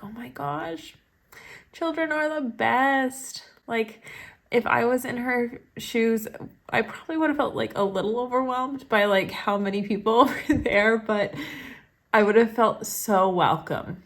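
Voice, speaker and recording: A woman's voice: medium pitch, gravelly. A young woman, a third grade teacher, chatting at home into a phone held up in front of her, gushing and full of "like"s and little laughs. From Maine, USA. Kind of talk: casual vlog chat to camera. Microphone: phone held up to the face.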